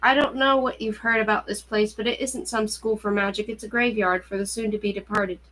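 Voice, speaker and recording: A woman's voice: mid-range voice, fairly even intonation, brisk, a bit bright, a little hiss or hum, close to an everyday voice, rough recording. A woman reading aloud, voicing a blunt but kind teenage girl who is the eldest of her group and speaks in a firm, matter-of-fact way. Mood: regretful.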